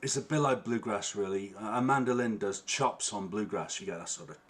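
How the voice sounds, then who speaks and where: Man, harmonica teacher, lowish voice, chatty, says "yeah?" a lot, faint guitar behind. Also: a little fast. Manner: chatty, checks in with frequent "yeah?". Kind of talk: online music workshop. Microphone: online stream with latency. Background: guitar playing.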